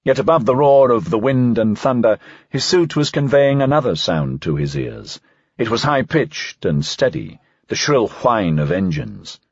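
A man narrating a fiction audiobook in an expressive, varied reading. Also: medium pitch, unhurried, creaky, slightly rough, dry recording, lo-fi sound.

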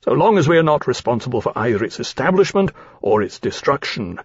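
A man voicing a grave male captain who speaks in a measured, dry, formal manner. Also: medium pitch, very animated, husky, no echo. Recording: slightly dull, dry recording.

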